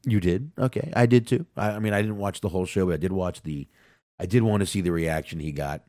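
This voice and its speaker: Deep-voiced man ranting on a podcast. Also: quick pace, dry recording, clean studio sound. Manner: profane, excitable, ranting. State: sinus cold. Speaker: podcast co-host. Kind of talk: casual wrestling podcast chat.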